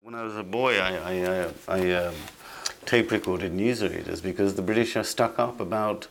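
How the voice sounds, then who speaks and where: A man giving conversational commentary as an interview guest, halting with frequent restarts and repeated words. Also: low-pitched, vocal fry, a little hiss or hum.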